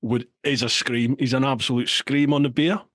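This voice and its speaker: A man's voice: mid-range voice, fairly even intonation, moderate pace, a bit bright, dry recording. A man from the UK hosting a casual podcast chat, reading out listener questions with plenty of banter and laughter. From United Kingdom. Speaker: podcast host.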